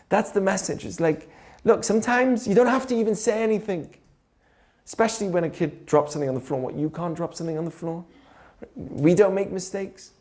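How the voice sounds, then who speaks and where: A man's voice: a little high, darkish tone. A man giving an informal teaching talk on Jewish ethics, telling stories and asking rhetorical questions. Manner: conversational, asks rhetorical questions, tells stories.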